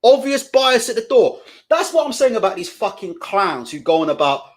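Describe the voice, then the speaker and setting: A man's voice: high voice, sing-song, moderate pace, hardly any pauses. A man hosting live boxing commentary, ranting indignantly and profanely, hammering the same questions again and again.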